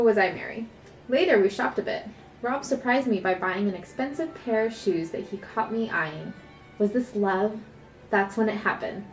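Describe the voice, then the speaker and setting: A woman telling a comic story about her own life, animated and often laughing as she goes. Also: mid-range voice, roomy sound.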